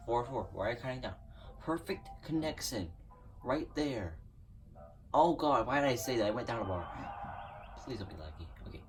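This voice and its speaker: A man giving casual commentary over his own gameplay, excitable and prone to groaning and pleading at the game. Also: on the low side, distant mic. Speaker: gaming YouTuber. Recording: voice a bit off-mic over loud game music. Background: video game music.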